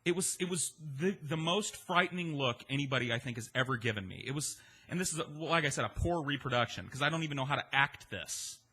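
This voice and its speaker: A man telling a comedic story in a casual, profane, animated monologue. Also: mid-range voice, quick pace, hardly any pauses, breathy edge.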